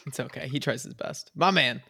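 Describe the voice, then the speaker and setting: A man's voice: mid-range voice, fairly quick, vocal fry, pushed and bright, husky, no room sound, studio quality. A man co-hosting a podcast in casual chat, laid-back and joking. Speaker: podcast co-host.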